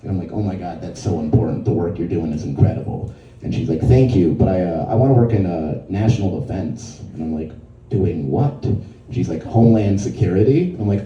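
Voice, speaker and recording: Guy doing standup, super mellow dark voice, echoey room, kinda far from the mic. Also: moderate pace, slight background noise. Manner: conversational storytelling, quotes others in a lower voice. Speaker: stand-up comedian. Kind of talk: stand-up set. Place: comedy venue with a live audience.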